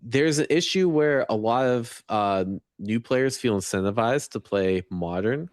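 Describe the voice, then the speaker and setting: A man talking on a podcast with a lively, rising and falling voice. He explains eagerly and keeps reaching for words. The sound is dry and close. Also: medium pitch, unhurried, dry recording. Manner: explains eagerly with many fillers. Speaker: guest fighting game player. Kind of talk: casual podcast chat.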